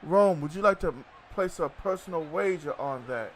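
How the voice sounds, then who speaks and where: A man's voice: fairly high pitch, moderate pace, slight background noise. A middle-aged man streaming a football video game, chatting loosely with viewers and joking between plays. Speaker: gaming streamer. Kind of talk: casual live-stream chat while playing.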